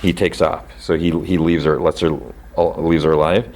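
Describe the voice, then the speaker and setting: A man's voice: rumbling low, little pitch movement, moderate pace, darkish tone, a little hiss or hum. A man hosting a podcast, casually retelling a TV episode in a rambling way, full of "like" and restarts, and briefly acting out the characters' lines. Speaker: podcast host.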